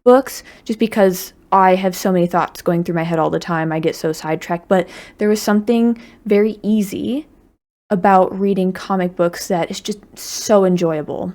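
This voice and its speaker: A woman YouTuber chatting casually to camera at home, bubbly and excitable, with playful asides as she unboxes. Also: medium pitch. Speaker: YouTuber unboxing fan mail. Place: at home in her apartment.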